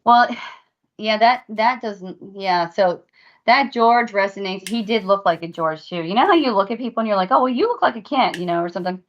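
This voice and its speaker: A woman's voice: medium pitch, normal speed, lo-fi sound. A woman co-hosting a paranormal podcast, earnestly recounting at length what spirits showed her. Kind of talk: casual podcast discussion.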